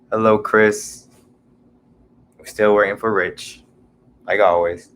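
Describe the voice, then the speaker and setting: A young man chats through a livestream at an unhurried pace. His voice sits a little low, and he greets viewers one by one in a relaxed, easygoing way. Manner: slow, laid-back talk, greeting viewers by name. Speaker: livestream host. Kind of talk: casual livestream chat.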